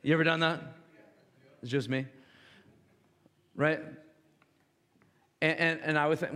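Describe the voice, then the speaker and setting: A man's voice: fairly high pitch, fairly even intonation, unhurried, pauses often, bright, forceful tone. A young adult man, a worship pastor, preaching a sermon earnestly, often stammering and restarting his words. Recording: long hall reverb.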